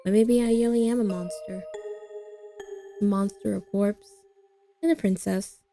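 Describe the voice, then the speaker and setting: A woman's voice: mid-range voice, steady tone, measured pace, dark tone, soft background music, lightly acted. A woman voicing a depressed, exhausted young woman in a visual novel, weary and self-loathing. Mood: weary, hollow. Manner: weary, hollow, bursts into bitter anger.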